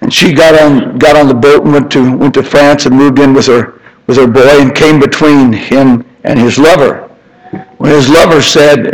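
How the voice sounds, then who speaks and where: An older man preaching an impassioned sermon, climbing to high emphatic peaks and then dropping into soft, tender storytelling. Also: steady tone, normal speed, rough recording.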